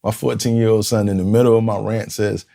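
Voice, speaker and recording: A man's voice: lowish voice, level tone, fairly quick, vocal fry, dark tone. A man in his fifties from Newark, a community leader telling a raw, profane personal story in an interview and acting out the voices he quotes. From Newark, New Jersey, USA. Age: 50s. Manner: raw, blunt and profane, with streetwise phrasing; vividly acts out the people he quotes. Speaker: podcast guest, community leader.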